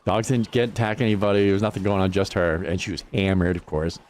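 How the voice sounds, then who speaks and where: Streaming a game, a man chats casually and laughs his way through profane, loosely told stories. His voice is deep and darkish in tone, fast, and fairly even in intonation. It's typical casual gaming stream chat from a livestreamer.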